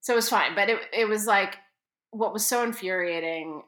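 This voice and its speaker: A woman co-hosting a podcast, telling a story in a casual, animated way and acting out the people in it. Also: mid-range voice, moderate pace, echoey room. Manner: animated, quotes people with exaggerated voices. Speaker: podcast co-host.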